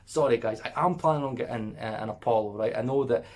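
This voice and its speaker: A man talking casually through a plugin review, his voice sitting at an ordinary middle pitch. He rambles off into side comments, keeps checking in with "right?", and laughs as he goes. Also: fast talker, darkish tone. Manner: chatty, rambling asides, frequent "right?" and "like"; laughs mid-sentence. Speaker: audio plugin reviewer, channel host.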